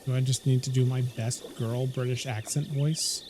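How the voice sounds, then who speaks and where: A man's voice: medium pitch, fairly even intonation, moderate pace, a little mellow, slight background noise. A man live-streaming a game, chatting loosely with his viewers, often stopping to correct himself. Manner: rambling, self-correcting, talks to chat. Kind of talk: casual live-stream chat.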